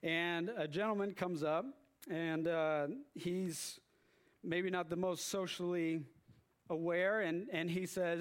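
Male preacher, high voice, sermon delivery, acts out story scenes with loud exclamations. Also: moderate pace. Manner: storytelling with animated acted-out exclamations.

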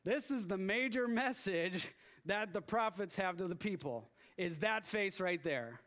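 A man preaching a sermon in a storytelling way, acting out loud exclamations as he tells a story. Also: high voice, measured pace. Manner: storytelling with animated acted-out exclamations.

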